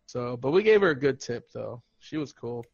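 A man's voice: mid-range voice, normal speed, gravelly, dry recording, dull audio. A man telling a funny story in casual podcast chat, laughing and acting out what people said. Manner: animated, laughing, acts out quotes. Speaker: podcast host.

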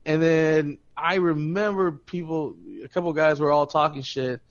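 A man's voice: a little high, a little slow. A young man on a podcast, telling a party story with lots of swearing, laughter and acted-out quotes. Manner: profane, laughing, animated retelling with quoted voices. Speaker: podcast co-host. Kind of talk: casual storytelling chat. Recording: dull lo-fi podcast audio.

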